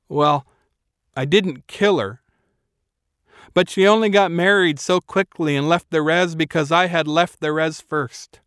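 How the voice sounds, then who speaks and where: A man narrating a novel in a measured, quiet storytelling manner. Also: on the high side, clean tone, no echo, studio quality. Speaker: audiobook narrator. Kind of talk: scripted narration.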